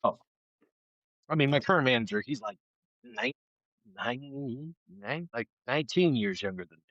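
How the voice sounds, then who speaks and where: A man near fifty co-hosting a podcast, talking in a laid-back way and swearing casually. His voice has a gravelly edge. The recording is dull and lo-fi, with a dry sound. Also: mid-range voice, very animated, normal speed, fairly bright tone, dry recording. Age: 40s. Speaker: podcast co-host. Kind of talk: casual chat.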